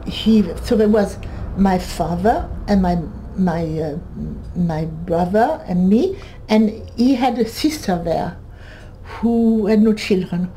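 A woman in her eighties from northern France with a French accent, giving a halting personal testimony, often restarting and repeating words. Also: medium pitch, warm tone, slight background noise, poor audio. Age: 80s. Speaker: Holocaust survivor giving testimony.

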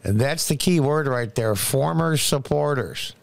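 A man's voice: medium pitch, lively intonation, unhurried, vocal fry, dry recording. A man hosting political commentary in a scornful, sarcastic way, often repeating words for emphasis.

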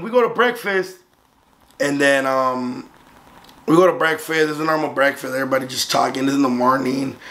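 A young man from Southern California casually telling a story as a vlogger, swearing freely and acting out the voices of the others in it. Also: a little high. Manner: profane, animated, acts out the other voices.

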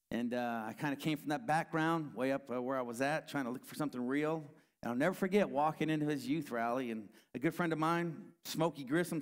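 A middle-aged man who leads a youth choir gives a rambling, heartfelt personal testimony to a church gathering, with restarts and church exclamations. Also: medium pitch.

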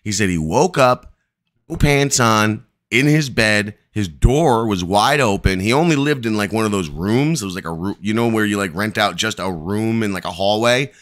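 A man's voice: fairly low pitch, expressive, normal speed, fairly bright tone. A man hosting a live stream, telling a long, rambling story full of profanity.

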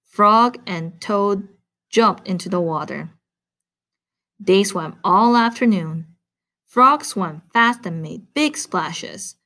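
A woman teacher reading a picture book aloud to children, animated and adding chatty asides. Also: medium pitch, slow pace.

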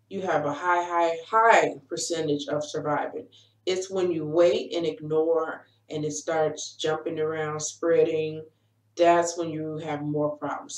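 A woman in her forties telling her own story to camera as a life coach, in an earnest, direct and encouraging way. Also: sits low. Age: 40s. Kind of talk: personal testimony to camera. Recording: roomy echo, voice from a distance.

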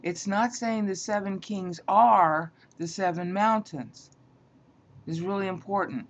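Woman Bible teacher, slow and pedantic, repeats herself to drive points home, muffled lo-fi audio. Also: medium pitch. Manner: pedantic, repeats points, checks in with "all right?". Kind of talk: slow explanatory lecture. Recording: dull lo-fi sound.

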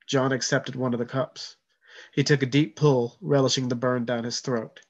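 A man, an author, reading his own story aloud in a measured, steady way. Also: medium pitch, highs cut off.

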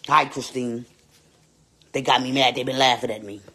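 A performer voicing a sassy, vain woman babysitter in a live-streamed comedy skit, loud and teasing, repeating lines and swooping up into squeals. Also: medium pitch, fairly even intonation, normal speed.

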